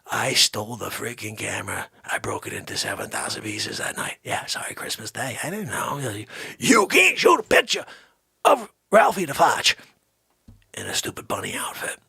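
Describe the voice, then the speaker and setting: A man hosting a comedy show, telling a rambling comic story, lurching between loud outbursts and hushed asides in a raspy voice. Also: lowish voice, huge pitch swings, normal speed, no room sound, studio quality. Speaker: comedy podcast host.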